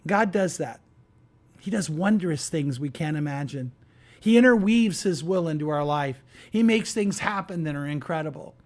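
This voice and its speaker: Storytelling pastor with a high-pitched voice. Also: male voice, normal speed. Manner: conversational, animated, raises pitch for quoted characters. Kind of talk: storytelling sermon.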